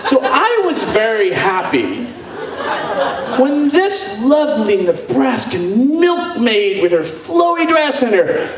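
A man telling a bawdy story to a live audience, in an animated and goofy manner, breaking into sung nonsense sounds. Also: very high voice, slow pace, noisy background. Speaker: sex educator telling a story on stage. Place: stage before a live audience. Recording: echoey hall, mic far off, crowd laughing.

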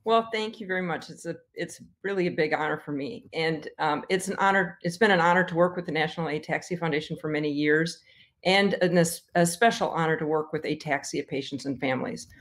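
An older woman scientist giving an emotional acceptance speech, halting with many fillers and restarts. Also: deep voice. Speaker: award recipient, research scientist.

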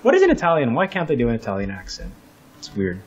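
A man chats through a co-op game, calling shots and cracking jokes with the odd curse thrown in. His voice sits at an ordinary middle pitch. The mic sounds dull and lo-fi, with a faint hiss underneath. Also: wildly swooping pitch, fast talker. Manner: joking, swears casually, directs the play. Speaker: gaming co-host. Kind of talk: casual gameplay chat.

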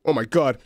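A young man playing a horror game and commenting on it, excitable and jokey, reacting quickly and shouting when things get tense. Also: extremely high pitch, no room sound. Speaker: gaming YouTuber. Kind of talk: let's play commentary.

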